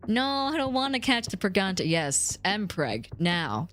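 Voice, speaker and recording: A young adult woman streamer chatting casually with viewers, jumping between squeaky highs and mock-deep lows. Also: very animated, measured pace, fairly bright tone, soft background music.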